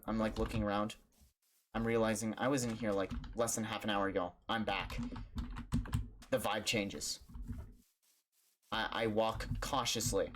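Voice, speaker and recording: A young man, a streamer, telling a story casually and animatedly, putting on high voices for the people in it. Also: background noise.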